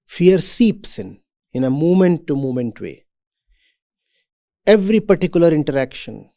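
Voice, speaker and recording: A man giving a reflective talk to students as a spiritual teacher. He speaks in a deliberate, measured way. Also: on the high side, mellow.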